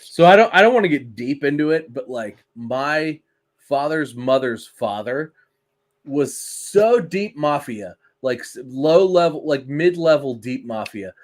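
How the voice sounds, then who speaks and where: A man's voice: on the high side, unhurried. A man co-hosting a wrestling podcast, chatting casually and telling family stories with lots of swearing. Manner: swears freely, animated storytelling. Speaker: podcast co-host. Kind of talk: casual chat.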